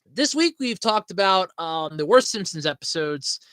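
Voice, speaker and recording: A man's voice: a little high, normal speed, a bit bright, dry recording. A man hosting a podcast in casual, rambling chat, swearing freely and laughing at his own jokes. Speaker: podcast host.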